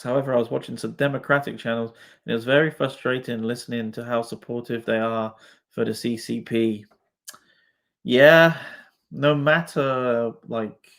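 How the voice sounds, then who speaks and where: A man's voice: mid-range voice, creaky. A man hosting a live stream, reacting to chat comments in a casual, swearing, laughing way. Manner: swears freely, laughs often, talks to comments.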